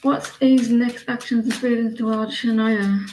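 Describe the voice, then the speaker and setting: A woman's voice: fairly high pitch, steady tone, a little slow, a little mellow, reverberant, slight background noise, rough recording. An Irish woman in her forties giving a chatty, rambling live tarot reading, with many restarts. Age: 40s. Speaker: tarot reader.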